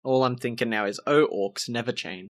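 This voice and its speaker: A man's voice: mid-range voice, normal speed, dry recording. A man co-hosting a podcast, chatting casually and cutting in with dry, teasing remarks. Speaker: podcast co-host. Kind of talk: casual chat.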